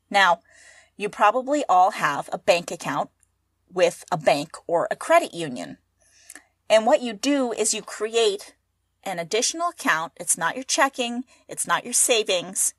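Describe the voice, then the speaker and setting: A woman's voice: medium pitch, fairly bright tone, no echo, studio quality. A woman co-hosting a casual comedy podcast who teases her partner, laughs often and gives mock-serious explanations. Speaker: podcast co-host.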